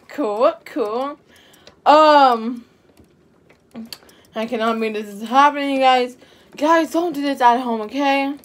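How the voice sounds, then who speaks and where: A woman's voice: high-pitched, fairly bright tone, distant mic. A woman vlogging casually to her viewers, anxious and rambling, repeating herself and calling out to them over and over. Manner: anxious, rambling, repeats herself, keeps saying "you guys" and "y'all". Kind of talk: casual vlog talk to camera.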